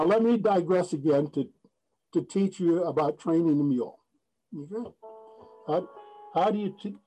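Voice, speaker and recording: A high-pitched, mellow male voice comes through a rough recording. Speaking at a recovery meeting, he tells his personal story earnestly and plainly, restarting often and slipping in a folksy joke.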